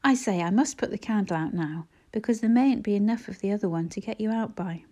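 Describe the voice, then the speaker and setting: A woman's voice: mid-range voice, a little fast, warm tone, close to an everyday voice. A woman reading aloud and voicing a brave, practical young girl who talks earnestly and reassuringly in a storybook. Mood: gentle, reassuring.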